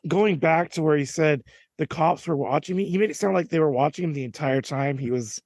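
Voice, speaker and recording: Brief: man, higher voice, puzzled questioning podcaster, dry mic. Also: brisk, darkish tone, no echo. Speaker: podcast co-host. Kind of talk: casual comedic chat.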